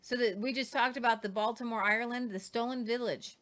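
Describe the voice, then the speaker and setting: A woman's voice: fairly high pitch, steady tone, fairly quick, fairly bright tone. A woman hosting a casual history talk, reading quotes aloud with jokey asides and stumbles over names. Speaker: host.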